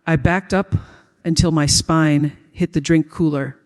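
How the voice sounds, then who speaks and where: A man reading a first-person dramatic story as a storyteller, in a steady, even way. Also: fairly high pitch, unhurried. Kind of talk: scripted first-person narration.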